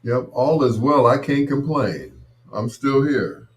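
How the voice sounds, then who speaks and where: A man hosting a late-night live stream. He talks in a slow, smooth, crooning romantic way, calls listeners baby, and greets viewers by name in a joking tone. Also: medium pitch, expressive.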